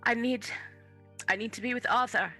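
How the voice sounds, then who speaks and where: A woman's voice: a little high, moderate pace, sharp tone, soft background music. A woman speaking as her desperate young adventurer character, pleading urgently.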